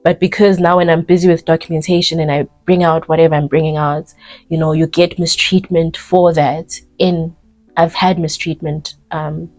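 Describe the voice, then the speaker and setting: Woman, 30s, South African accent, low voice, casual vlog chat, reflective, faint background music. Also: flat delivery, moderate pace, darkish tone. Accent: South African English. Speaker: vlogger.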